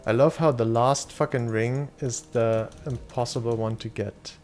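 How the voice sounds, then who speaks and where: With soft music in the background, a young German man streams a game and chats with viewers in an unhurried, fairly even voice of medium pitch and darkish tone. He swears casually and answers what chat asks him.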